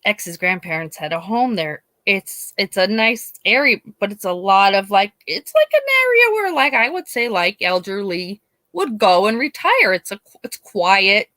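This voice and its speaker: Woman YouTuber from Pennsylvania, rambling and animated, mid-range voice, recorded dry. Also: medium pitch, measured pace, dry recording. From Scranton, Pennsylvania. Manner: rambling, animated storytelling with restarts. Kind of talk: casual chat.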